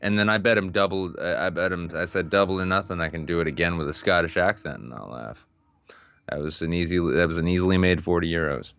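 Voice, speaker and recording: Deep-voiced laughing podcast co-host. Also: male voice, quick pace, fairly bright tone, clean tone, dull audio. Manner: joking, laughs often, rambling restarts. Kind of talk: casual chat.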